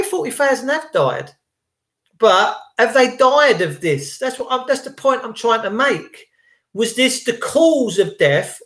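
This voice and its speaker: Animated man in an echoey room. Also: very high voice. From United Kingdom. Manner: animated, acts out others' voices, repeats points for emphasis. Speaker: vlogger. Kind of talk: casual monologue to viewers.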